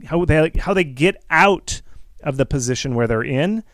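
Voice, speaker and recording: A man's voice: fairly high pitch, expressive, normal speed, dry recording. A man with a slightly raised voice, talking through casual advice in a rambling way, full of restarts. He slips into cheerful sample feedback lines as he goes. The sound is dry and close. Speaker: game marketing host.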